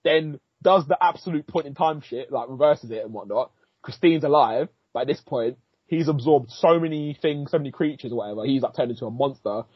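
A man, co-hosting a podcast and excitedly recapping an episode in slangy, sweary casual chat. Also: medium pitch, fairly quick, slightly rough, no room sound. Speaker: podcast co-host. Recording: dull lo-fi, dry.

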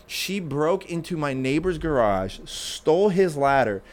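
A man's voice: fairly high pitch, a little slow. A man telling a wild story in casual chat, swearing freely and acting out quotes. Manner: animated, profane, acts out quotes in raised voice.

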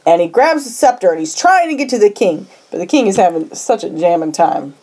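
A woman with a lowish voice talks briskly as she co-hosts a podcast, recapping a movie plot in casual chat. She's a lively storyteller who slips into the characters' voices and laughs a lot.

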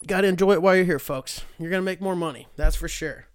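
A young man talks through a loose solo show. He rambles, swears freely and leans on sarcasm, and his voice sits a little higher than most men's. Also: fast talker, smooth, dry recording. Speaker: podcast host. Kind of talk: casual solo commentary.

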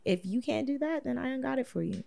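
A woman's voice: high-pitched, animated, quick pace, gravelly, dark tone. A woman, a guest in a casual chat, talking bluntly with lots of swearing and frequent laughter. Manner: blunt, profane, laughs often.

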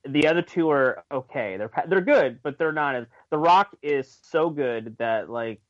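A man's voice: a little high, animated, moderate pace, no echo, lo-fi sound. A man in a casual podcast chat, talking hesitantly with many fillers and restarts. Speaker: podcast co-host.

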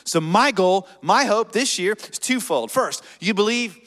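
A man's voice: high-pitched, animated, a little slow, fairly bright tone, long reverb tail. A man pastor preaching a sermon, dynamic and leading the congregation in call-and-response.

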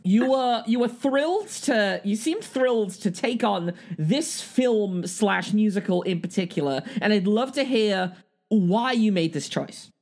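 A woman's voice: mid-range voice, animated, a little slow, darkish tone. A woman hosting a podcast in casual chat, chatty and laughing often, often restarting her sentences. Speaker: podcast host.

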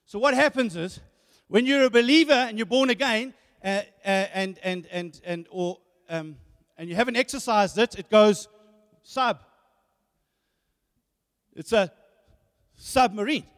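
High-voiced preacher in a hall. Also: male voice, unhurried. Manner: animated, repeats words, rhetorical questions. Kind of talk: sermon. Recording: hall reverb.

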